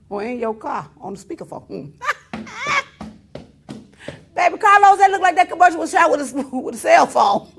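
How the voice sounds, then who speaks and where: A woman's voice: sits high, animated, unhurried, gravelly, pauses often, a bit bright, slight background noise. A woman talk show host, ranting to her viewers in a teasing, laughing way. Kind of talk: casual on-air rant to viewers.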